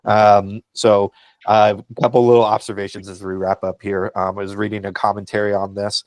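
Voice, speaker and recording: Deep, flat-voiced man co-hosting a faith podcast. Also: a little fast, no room sound. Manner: encouraging, pastoral, with frequent ums. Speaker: podcast co-host. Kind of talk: casual podcast discussion.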